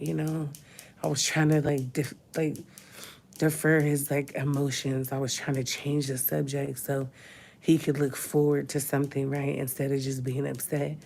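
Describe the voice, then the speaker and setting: A woman's voice: rumbling low, vocal fry, darkish tone, husky. A woman, crying as she talks openly in a personal vlog from a hospital room. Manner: tearful, talks through crying. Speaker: vlogger.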